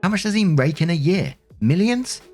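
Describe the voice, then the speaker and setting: A prying young woman from the office, pushy and wheedling, her voice lifted well above a man's usual low register, as a male narrator puts her on. Her questions come out high and coaxing, with soft music underneath the storybook-style reading. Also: big pitch swings, moderate pace.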